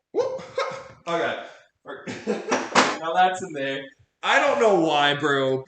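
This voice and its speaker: A man's voice: fairly high pitch, a bit bright, reverberant. A man chatting casually with his live chat while cooking at home, goofy and laughing often. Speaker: cooking streamer. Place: home kitchen.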